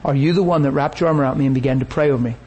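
A man preaching a sermon, telling a story with lively energy and acting out the people he quotes. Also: medium pitch, rapid-fire, husky, poor audio.

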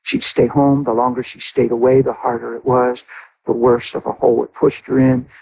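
A man's voice: medium pitch, little pitch movement, moderate pace, gravelly, darkish tone, rough recording. A middle-aged man preaching a sermon as a pastor, telling a personal story with emotion and speaking straight to his congregation.

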